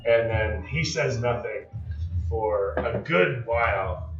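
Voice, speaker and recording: A man's voice: on the low side, slow. A man running a tabletop game on a live stream as game master, describing scenes like camera shots, with many fillers. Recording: echoey, distant, dull sound with faint music.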